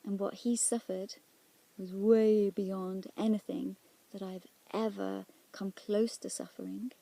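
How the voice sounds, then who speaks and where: A woman shares a personal prayer testimony in a soft, halting voice that often sinks into near-whispers. Her tone is dark and husky, with a gravelly edge. She pauses and restarts as she searches for her words. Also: medium pitch, little pitch movement. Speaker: Christian speaker sharing a prayer experience.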